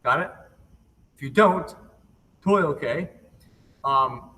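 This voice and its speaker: A man's voice: on the high side, lively intonation, measured pace, pushed and bright. Reassuring man calling out a clapping rhythm. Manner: upbeat, reassuring, counts out rhythm calls. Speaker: PE teacher. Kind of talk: remote lesson to young children. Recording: distant laptop mic with faint noise.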